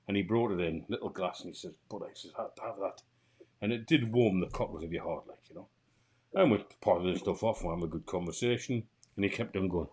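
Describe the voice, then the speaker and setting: Husky Geordie man telling a story. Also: deep voice. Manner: animated anecdote teller, laughs through the story. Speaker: podcast co-host. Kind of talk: casual chat, storytelling.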